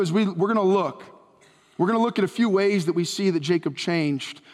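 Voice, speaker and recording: A fairly high-pitched man preaches from the pulpit, and his words trail into a long hall reverb. He retells an old story with animated, acted-out dialogue. The sound is that of a church sanctuary. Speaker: pastor. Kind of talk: sermon.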